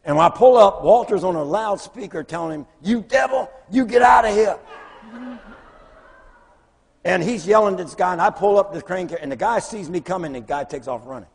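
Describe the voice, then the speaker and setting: A man preaching, telling lively stories and acting out the voices of the people in them. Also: sits high, quick pace, few pauses, slightly rough. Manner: animated storyteller, acts out voices in quotes. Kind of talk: storytelling sermon. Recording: long hall reverb.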